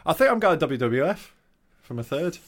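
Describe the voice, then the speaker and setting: A man co-hosting a podcast, trading teasing, sweary banter. He argues his points in a relaxed, conversational way. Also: fairly high pitch, normal speed. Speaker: podcast co-host. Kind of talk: casual banter.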